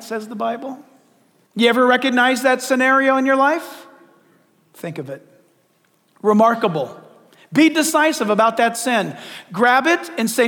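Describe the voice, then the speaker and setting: A man preaching a sermon in a church, animated and direct, firing rhetorical questions at the congregation. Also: very high voice, moderate pace. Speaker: pastor. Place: church hall. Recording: long hall reverb.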